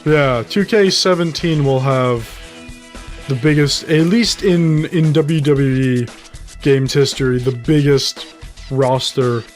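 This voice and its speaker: A man's voice: medium pitch, takes it slowly, soft background music. Man in offhand podcast banter. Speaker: podcast co-host. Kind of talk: casual podcast chat.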